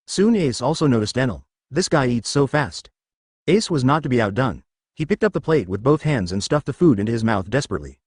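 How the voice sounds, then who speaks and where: Brisk male story narrator. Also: medium pitch, big pitch swings, darkish tone, breathy edge, no room sound, studio quality.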